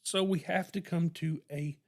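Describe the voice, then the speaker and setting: A podcast co-host chatting casually about music, teasing with dry, stubborn, low-key replies. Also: fairly even intonation, moderate pace, vocal fry. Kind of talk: casual chat.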